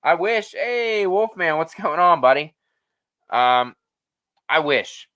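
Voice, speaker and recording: Animated, swearing live-stream host man. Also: a little high, slow pace. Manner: rambling, profane, animated.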